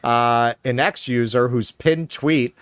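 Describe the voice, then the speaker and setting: A man's voice: medium pitch, slow pace, fairly bright tone, clear, resonant tone, no echo. Sarcastic New York man, dry studio sound. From Queens, New York. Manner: sarcastic, profane, reads news aloud with mocking asides. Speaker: podcast co-host. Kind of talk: casual political commentary.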